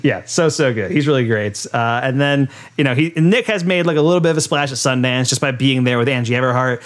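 A man's voice: medium pitch, a little fast. Laid-back man recapping a movie. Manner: laid-back, many fillers, laughs while retelling scenes. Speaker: podcast co-host. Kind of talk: casual chat recapping a film.

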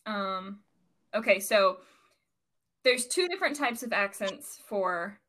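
A woman's voice: medium pitch, big pitch swings, takes it slowly, fairly bright tone. A young woman co-hosting a casual podcast, rambling and self-deprecating as she explains a word. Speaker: podcast co-host.

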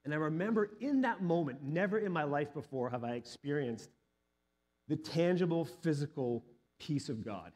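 A man's voice: fairly high pitch, animated, moderate pace, darkish tone. A male pastor in his thirties or forties giving a sermon, telling a personal story earnestly and building to emphatic peaks.

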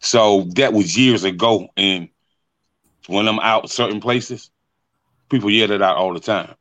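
Man, lowish voice, laid-back, dry close sound, casual host. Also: unhurried, a bit bright, dry recording. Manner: laid-back, repeats words while finding questions. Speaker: podcast host. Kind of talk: casual interview chat.

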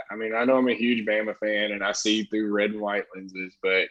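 A man's voice: lowish voice, little pitch movement, fairly quick, few pauses, fairly bright tone, lo-fi sound. A man talking football as a guest in a casual podcast chat, opinionated and hedging with "I mean". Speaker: guest, executive producer.

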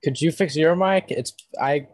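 A man's voice: fairly high pitch, moderate pace. A man co-hosting a podcast over a video call, trading teasing jabs in casual chat. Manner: teasing, bickering, deadpan jabs. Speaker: podcast co-host.

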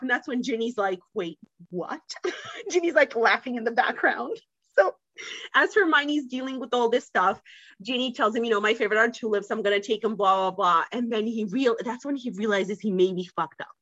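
A woman's voice: on the high side, a bit bright, dry recording, highs cut off. A woman co-hosting a podcast, gushing with enthusiasm as she retells a story in casual chat and laughs along the way. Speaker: podcast co-host.

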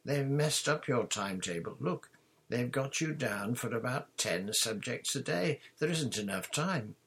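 A man's voice: mid-range voice, animated, unhurried, fairly bright tone, breathy edge, voice pushed up, exaggerated voice. A man reading aloud, voicing a blunt teenage schoolboy who talks in an incredulous tone. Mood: frowning.

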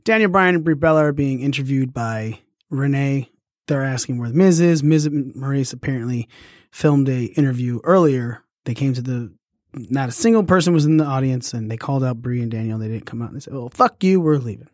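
A man hosting a casual wrestling recap, talking excitedly, swearing freely and acting out the lines he quotes. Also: medium pitch, a little fast, no echo, clean studio sound. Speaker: wrestling podcast host.

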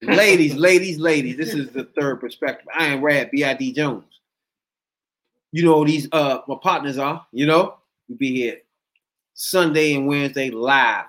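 A man hosting a casual podcast chat, animated, laughing often and acting out what people said. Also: a little high, moderate pace. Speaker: podcast host.

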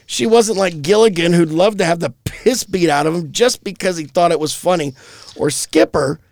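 A man co-hosting a comedy podcast, rambling through profane, animated storytelling. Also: high-pitched, normal speed, dry recording, clean studio sound. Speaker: podcast co-host. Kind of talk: crude comedy podcast chat.

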